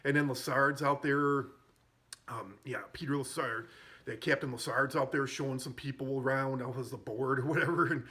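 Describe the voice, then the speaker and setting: A man's voice: mid-range voice, fairly even intonation, moderate pace, pushed and bright. A man casually recapping a comedy film, rambling and amused, with frequent fillers and self-corrections. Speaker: movie reviewer.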